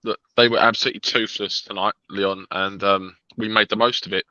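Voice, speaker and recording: A man's voice: on the low side, steady tone, fairly quick, bright, forceful tone, dry recording, dull audio. A man giving candid reactions in a fan chat after a match, often repeating himself. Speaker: fan panel guest.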